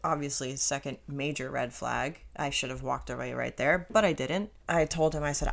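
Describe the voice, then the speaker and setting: A woman co-hosting a podcast, telling personal stories in casual chat with emphatic, animated delivery. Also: low voice, a little fast, gravelly. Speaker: podcast co-host.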